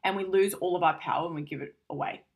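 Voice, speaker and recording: A woman's voice: fairly low pitch, fast. Frank, conversational woman giving self-help talk. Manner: frank, conversational, swears casually, acts out quoted arguments.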